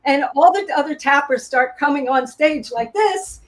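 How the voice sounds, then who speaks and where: A woman's voice: high voice, brisk, few pauses, low-quality recording. A woman, a former Broadway performer, telling stage anecdotes over a video call and laughing often. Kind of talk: casual storytelling interview.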